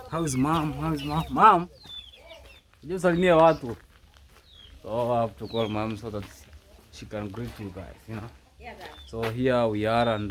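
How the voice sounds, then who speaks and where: A man's voice: lowish voice, darkish tone. A young man vlogging outdoors at his rural family home, talking effusively and repeating his words. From Kenya. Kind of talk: casual vlog talk to camera. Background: chickens and a rooster.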